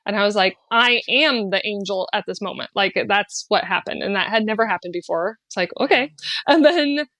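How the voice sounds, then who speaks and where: A woman guest on a podcast telling a personal story in an earnest, heartfelt way, sliding into lively acted-out quotes and laughs, with many fillers. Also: medium pitch, normal speed, no echo. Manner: animated when acting out quotes, often laughing. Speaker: podcast guest, spiritual guide.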